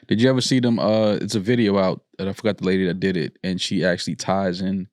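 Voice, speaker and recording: A man's voice: sits low, fairly even intonation, fast talker, a little mellow, no echo, studio quality. A man hosting a podcast in casual chat, laid-back and teasing. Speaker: podcast host.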